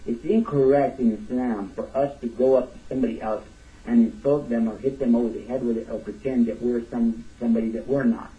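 A man giving a religious lecture in a casual, emphatic way, with sudden high bursts of emphasis. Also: fairly even intonation, a little fast, mellow. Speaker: Islamic teacher. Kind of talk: lecture sermon. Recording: distant dull lo-fi recording.

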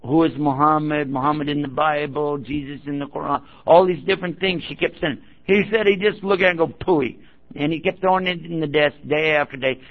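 A man's voice: a little high, vocal fry. A man preaching to a gathering, telling a story and acting out the quotes of the people in it. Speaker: Islamic preacher. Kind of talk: sermon-style storytelling. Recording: dull lo-fi recording.

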